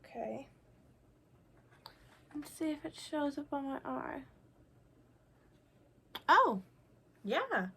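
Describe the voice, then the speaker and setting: In a high, very animated voice, a young beauty vlogger stretches out her words and pauses often, her tone bright and forceful. She chats casually while trying makeup, teasing herself as she applies it for a laid-back tutorial.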